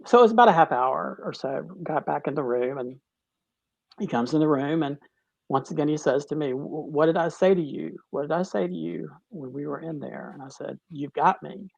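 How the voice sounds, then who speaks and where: A middle-aged man, a teacher, tells his cancer story in an interview, halting and restarting, choked up at times. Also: on the high side, vocal fry, breathy edge, no room sound. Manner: halting, with many restarts, tearful at moments. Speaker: guest, cancer survivor. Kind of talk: emotional personal story in a talk-show interview.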